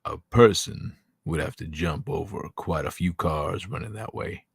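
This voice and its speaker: A man's voice: low voice, unhurried, gravelly, breathy edge, no echo, clean studio sound. A man hosting a casual late-night livestream, joking crudely and bantering with his chat. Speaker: livestream host.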